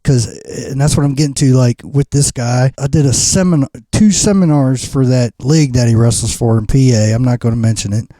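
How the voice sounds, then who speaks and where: A man's voice: mid-range voice, brisk, few pauses, mellow, no echo. A middle-aged man, a pro wrestler and trainer, ranting bluntly and profanely in a podcast interview.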